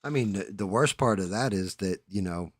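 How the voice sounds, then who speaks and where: A man's voice: deep voice, moderate pace, slightly rough, dry recording. A man from the Northeastern United States telling rambling stories in casual chat, full of fillers and swearing. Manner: rambling anecdotes with fillers and profanity.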